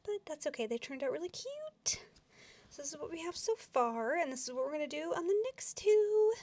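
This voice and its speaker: A woman's voice: sits high, sing-song, brisk, darkish tone, no room sound. A young woman chatting casually through a nail tutorial, giggly and rambling with lots of fillers. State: a bit out of breath.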